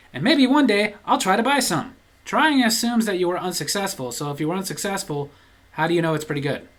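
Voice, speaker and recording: A man reads out viewer comments and answers them with dry, deadpan humor. His pitch swings widely as he hams up the longer comments, then drops flat for the punchlines. It's casual, jokey channel chat. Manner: laughs at his own jokes.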